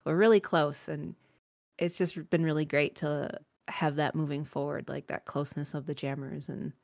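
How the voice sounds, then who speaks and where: Low-voiced chatty woman. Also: fairly even intonation, normal speed, creaky, darkish tone, no room sound. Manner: chatty, frequent likes and ums. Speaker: guest roller derby skater. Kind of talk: casual podcast interview.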